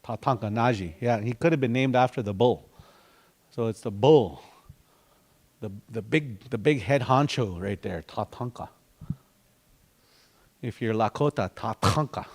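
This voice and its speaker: A man's voice: medium pitch, moderate pace, darkish tone. A man teaching a language class, patiently repeating words and breaking them into syllables for his students.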